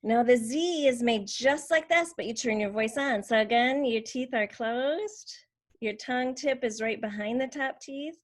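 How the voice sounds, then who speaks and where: Slow, patient woman teaching speech sounds. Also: a little high. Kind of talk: slow instructional demonstration.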